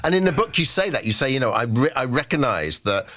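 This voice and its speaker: A man interviewing a guest in a relaxed conversation, steering it with questions. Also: mid-range voice, fast talker, slight background noise. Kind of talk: casual interview.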